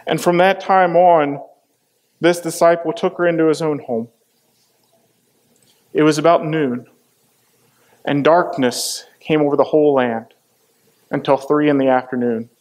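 A man's voice: fairly high pitch, fairly even intonation, a little slow, pauses often, a little mellow. A man preaching a sermon, dramatically retelling a scripture passage and acting out the voices in it. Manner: dramatic, acts out the quoted voices.

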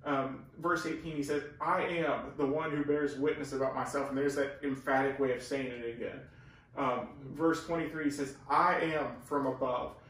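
A man's voice: medium pitch, fairly even intonation, normal speed, a bit bright. Man teaching scripture in an echoey room. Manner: earnest, explanatory, leans hard on key words. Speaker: Bible teacher. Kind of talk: casual Bible teaching. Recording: very echoey room, far from the mic.

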